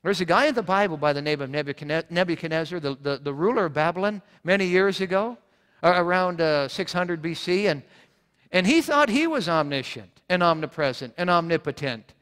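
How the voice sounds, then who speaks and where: A man's voice: on the high side, expressive, a little fast, fairly bright tone, smooth. A man preaching a sermon as pastor, earnest, repeating points for emphasis, often restarting his words. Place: church sanctuary. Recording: long church reverb.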